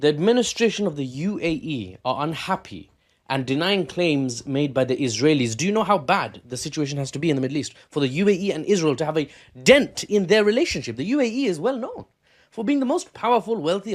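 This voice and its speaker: Male news commentator, animated and sarcastic, lively pitch. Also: a little fast. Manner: animated, sarcastic, rambling with self-corrections.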